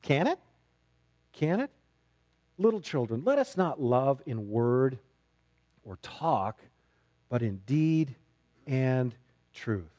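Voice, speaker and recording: A man preaching a sermon as a pastor, emphatic, dropping low and rising to loud, intense stretches. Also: sing-song, takes it slowly, pauses often. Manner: emphatic, swings between quiet and loud.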